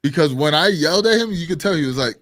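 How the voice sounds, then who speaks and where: A man co-hosting a live stream show, telling a story in casual chat, animated and swearing, acting out quotes loudly. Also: fairly high pitch, fast, no room sound, studio quality. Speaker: podcast co-host.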